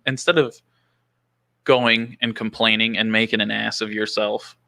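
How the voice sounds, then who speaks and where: A man's voice: fairly low pitch, level tone, unhurried, gravelly, sharp tone. A man hosting a casual chat, a business owner giving blunt opinions.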